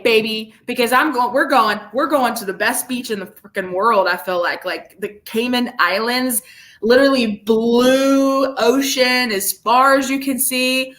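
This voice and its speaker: A woman co-hosting a casual podcast, with a bright, forward tone. She sounds bubbly and gushing, and she circles back over her words when excited. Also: a little high, measured pace. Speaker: podcast co-host. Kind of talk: casual chat.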